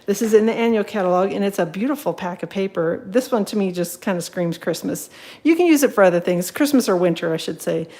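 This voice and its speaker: This craft demonstrator speaks fast and expressively at a medium pitch, her tone somewhat dark, over poor-quality audio. Running a live card-making session at home, she chats casually, fills gaps with plenty of ums, and welcomes viewers while she keeps working.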